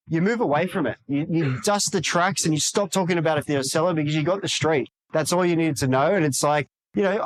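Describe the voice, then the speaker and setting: Brief: animated man, slightly high voice, bursts into acted-out quotes. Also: quick pace, hardly any pauses, rough recording. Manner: energetic, acts out quoted dialogue in higher voices. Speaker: real estate agent guest. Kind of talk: podcast interview.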